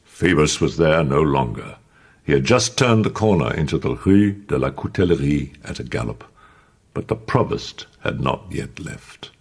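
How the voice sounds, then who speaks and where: A man narrating an audiobook in an expressive, dramatic way. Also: very deep voice, moderate pace, creaky, slightly rough.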